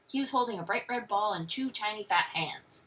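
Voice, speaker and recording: A woman teacher reading a picture book aloud with expressive storytelling. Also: medium pitch, a little fast, recorded from a distance, slight background noise.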